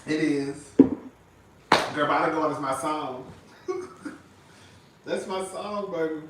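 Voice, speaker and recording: A male vlogger with a slightly high voice takes it slowly while chatting sassily to his viewers. He's flamboyant, calls everyone "girl" and "honey" constantly, and bursts into singing and laughter. The mic is distant in an echoey room, and the background is noisy.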